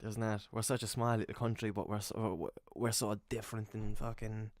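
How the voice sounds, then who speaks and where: A man's voice: fairly low pitch, little pitch movement, a little fast, no room sound, studio quality. A young man with a Cork Irish accent hosting a podcast, playful and swearing in casual chat. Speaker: podcast host. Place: bedroom.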